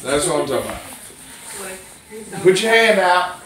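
A man's voice: high voice, expressive, takes it slowly, bright, forceful tone. A man performing as a children's clown and magician, teasing and coaxing a child in folksy playful banter. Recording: echoey room, mic far off.

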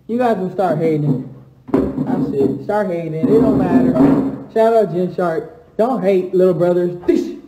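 A man's voice: unhurried, noisy background. Hyped-up young man on a livestream. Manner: swings from low, subdued talk to loud hyped trash talk. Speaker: livestream host answering fans. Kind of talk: casual livestream chat. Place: empty house, alone. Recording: echoey room.

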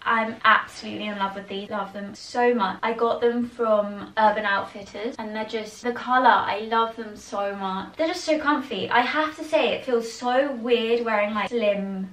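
A young British woman vlogging casually about her sneakers, chatty and gushing with quick asides. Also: fairly high pitch, roomy sound, distant mic, slight background noise, low-quality recording. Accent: British English. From England. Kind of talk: casual sneaker collection haul.

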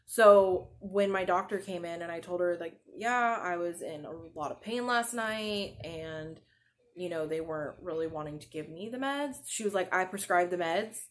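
A woman's voice: on the low side, moderate pace. A woman in her thirties hosting a podcast, chatting casually and rambling with lots of "like," sleep-deprived as a new mother. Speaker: podcast host. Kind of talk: casual chat.

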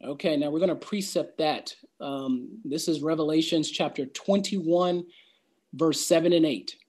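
A man's voice: fairly high pitch, measured pace, darkish tone. A man leading a Bible study, speaking casually, reading verses aloud and acting out doubting voices to make his point. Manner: conversational, reads scripture aloud and acts out doubters' voices. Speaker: Bible teacher.

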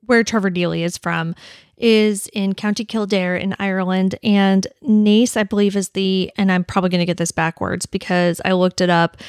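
A woman with a mid-range voice hosts a true-crime podcast, chatting casually, apologizing frequently and laughing often. The recording is studio quality with no echo.

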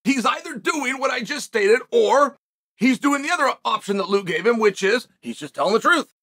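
Male host, commentary monologue, sharp bright tone, emphatic and sarcastic. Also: very high voice, expressive, moderate pace. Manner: emphatic, argumentative, sarcastic asides.

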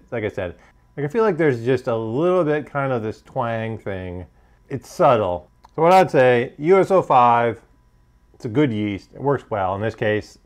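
Low-voiced man giving a hedging beer review. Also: darkish tone. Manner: hesitant, hedging, many fillers. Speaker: homebrewing channel host. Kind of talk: casual tasting review.

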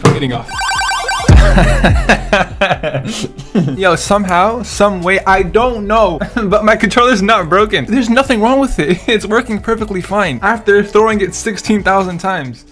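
Hyped guy yelling over fortnite, high lively voice, game music going behind. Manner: loud, jokey, quick swings to shouting. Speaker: gaming YouTuber. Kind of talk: excitable gameplay commentary.

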